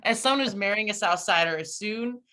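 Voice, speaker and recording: A woman's voice: mid-range voice, brisk, sharp tone. A woman panelist in a casual political discussion, chiming in with wry, amused remarks.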